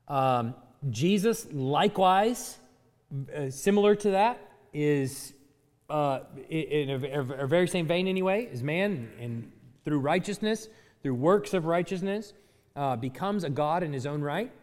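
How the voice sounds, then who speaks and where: Animated male teacher, high lively voice. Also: a little slow. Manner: animated, chuckling, frequent restarts. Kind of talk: class lecture. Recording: hall reverb.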